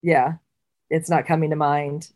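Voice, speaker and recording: A woman's voice: low voice, level tone, unhurried, darkish tone. A woman co-hosting a casual podcast chat, talking freely and often restarting her sentences. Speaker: podcast co-host. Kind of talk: casual chat and trivia quizzing.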